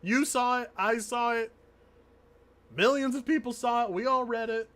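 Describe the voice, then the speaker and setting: A man's voice: very high-pitched, moderate pace, a bit bright. A man streaming, reacting to a video with casual, argumentative commentary; he swears freely and keeps repeating his points for emphasis.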